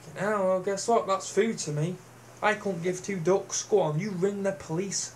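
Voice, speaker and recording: A man's voice: high voice, fairly even intonation, normal speed, a little hiss or hum. A man ranting to camera in a sweary, sneering, mocking manner. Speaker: vlogger. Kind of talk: profane rant to camera.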